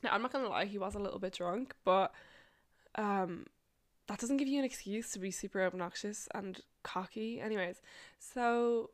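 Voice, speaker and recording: A woman's voice: medium pitch, fairly bright tone. A woman in her twenties hosting a podcast, telling personal stories in a chatty way, swearing, laughing often and filling her talk with likes. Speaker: podcast host. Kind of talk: casual storytelling podcast.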